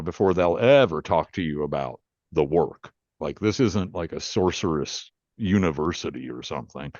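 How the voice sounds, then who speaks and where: Deep-voiced man telling his story. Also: dry recording, lo-fi sound. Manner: plainspoken, earnest, rambling storyteller. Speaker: guest, rootworker and author. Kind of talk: storytelling in a podcast interview.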